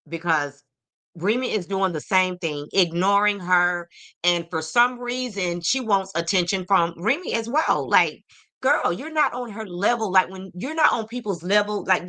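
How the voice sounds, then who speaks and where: A woman's voice: medium pitch, sharp tone. A woman hosting a celebrity gossip podcast, sassy and opinionated, talking straight to her viewers. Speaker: podcast host.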